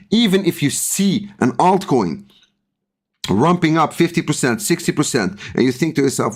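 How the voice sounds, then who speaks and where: A man giving live commentary on crypto charts to his stream viewers, repeating words for emphasis and pushing into excited, urgent appeals. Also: mid-range voice, normal speed. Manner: repetitive and emphatic, rising to excited urging.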